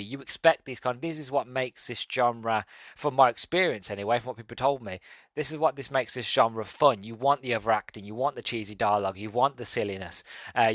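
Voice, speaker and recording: An upbeat male podcast host talks through a film review in a loose, rambling way. His pitch sits in a typical middle range, and the recording is dry and close with no room echo. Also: fairly bright tone. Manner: enthusiastic, rambling with fillers. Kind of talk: casual movie review.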